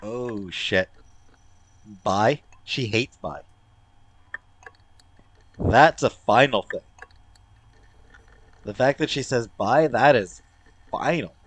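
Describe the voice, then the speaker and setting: A young Canadian man voices a story game, reading its chat lines aloud and reacting to them. His pitch roams widely, from low, quiet murmurs to high, emphatic outbursts, while his voice sits at an ordinary middle height. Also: lively intonation, extremely slow, long pauses, dry recording. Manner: earnest, swings from soft and subdued to loud and exclaiming. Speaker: let's player.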